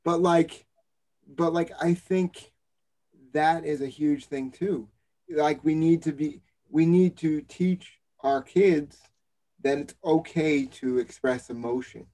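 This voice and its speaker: A man's voice: a little high, slow pace, mellow. A man co-hosting a casual podcast, speaking in an earnest, supportive way with lots of fillers. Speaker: podcast co-host.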